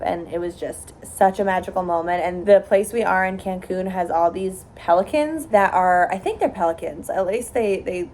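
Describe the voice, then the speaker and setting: A woman's voice: on the low side, darkish tone, a little hiss or hum. A woman in her thirties chatting casually in a vlog, reflective and friendly, at a beach resort. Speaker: vlogger.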